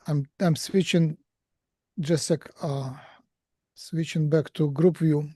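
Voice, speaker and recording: A man hosting an online webinar over a video call, speaking haltingly with many uhs. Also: fairly high pitch, fairly even intonation, mellow, no echo. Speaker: host.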